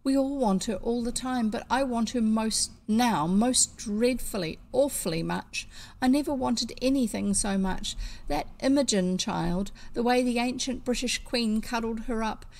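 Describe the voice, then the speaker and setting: A woman's voice: fairly high pitch, measured pace, gravelly, darkish tone, voice pushed up. A woman with a New Zealand accent voicing a tearful, upset young girl in a storybook reading. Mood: longing. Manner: sobbing, pleading delivery.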